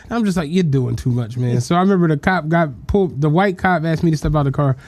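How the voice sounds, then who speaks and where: Podcast co-host from Philadelphia; profane, animated storyteller who acts out quotes. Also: male voice, fairly high pitch, fast talker, dry recording. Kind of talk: casual storytelling chat.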